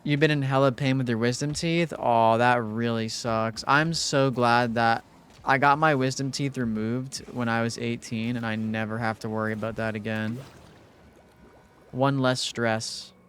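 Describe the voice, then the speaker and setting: A young man streaming live, chatting casually with his viewers in a relaxed, rambling way, full of fillers. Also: medium pitch, a little slow, a little hiss or hum. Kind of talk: casual livestream chat with viewers.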